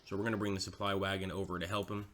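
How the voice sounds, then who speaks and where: A man's voice: low-pitched, flat delivery, very fast, fairly bright tone. A man giving casual, chatty commentary over a strategy game, mocking himself now and then.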